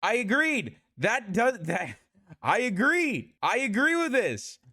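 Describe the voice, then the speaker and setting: Heated high-voiced streamer reacting. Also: male voice, very animated, sharp tone, no echo, clean studio sound. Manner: fast, heated, repetitive.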